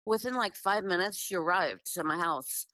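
A woman guest tells a long personal story, casual and earnest yet animated, packed with "like" and constant restarts. Her voice sits on the low side at a moderate pace, in a dry, poor-quality recording.

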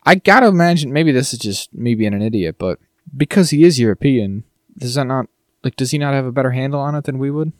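A man co-hosting a podcast rambles happily, repeating himself as he thinks out loud. His voice swings widely in pitch, and the recording is dry and close with no room echo. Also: quick pace. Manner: animated, rambling, repeats words. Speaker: podcast co-host. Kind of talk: casual chat.

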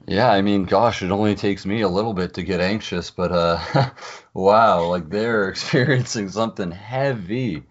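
Deep-voiced man, excitable podcast chat. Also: normal speed, dull audio. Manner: excitable reactions, laughs often, many fillers. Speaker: podcast co-host. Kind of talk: casual chat.

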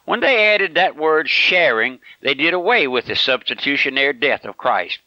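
Preacher, male, emphatic and insistent, lively pitch, dry close sound on a dull old broadcast recording. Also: no room sound. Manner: emphatic, repeats phrases, addresses listener as my friend. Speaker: radio preacher. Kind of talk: radio sermon.

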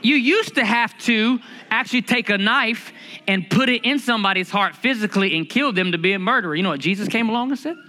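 Male pastor, high bright voice, humorous lively sermon delivery. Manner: lively, humorous preaching with drawn-out emphasis.

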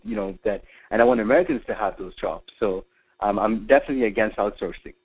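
A man's voice: lowish voice, animated, fast talker, creaky, slightly rough. A man calling in to a radio talk show, speaking hesitantly with many fillers and restarts, heard over a tinny phone line. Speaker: caller. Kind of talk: call-in radio chat.

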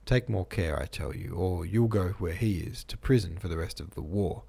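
A man reading aloud, voicing a furious, bullying male prison director who shouts harsh threats. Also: sits low, normal speed, vocal fry, slightly rough, full character voice. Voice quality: harsh, snarling.

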